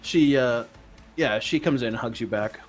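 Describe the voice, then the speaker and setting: A man running a tabletop game for his friends, unhurried and loose, with plenty of "uh" and "like" as he narrates. His pitch is middle for a man. Faint music plays under his voice. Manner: casual, hesitant with many fillers, laughs at the players. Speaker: game master.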